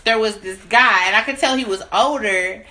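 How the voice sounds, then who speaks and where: A woman in her twenties chatting casually as co-host, telling stories animatedly and acting out what people said with big jumps in her voice. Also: moderate pace. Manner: animated storytelling, acts out quotes with big pitch jumps. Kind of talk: casual chat. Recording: noticeable background hiss.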